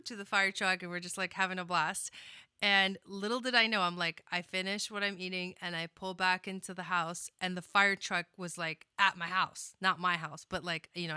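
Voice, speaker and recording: A woman's voice: mid-range voice, bright, forceful tone, clean tone, dry recording, studio quality. A young woman hosting an astrology livestream, chatting in a rambling way, with lots of fillers, restarts and laughter as she greets viewers by name. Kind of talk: casual livestream chat.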